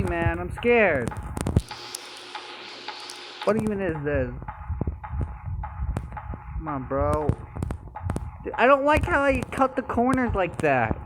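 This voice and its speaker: Jittery young man, slow slangy game talk. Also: fairly high pitch, animated, background noise. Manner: nervous, keeps saying bro and dude. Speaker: gamer. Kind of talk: horror game commentary. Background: game music.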